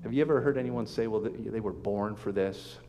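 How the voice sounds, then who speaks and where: A man preaching a sermon as pastor, reading scripture aloud with emphatic swells and sudden soft drops. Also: on the low side, a little fast, slight background noise. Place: church sanctuary. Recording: long hall reverb.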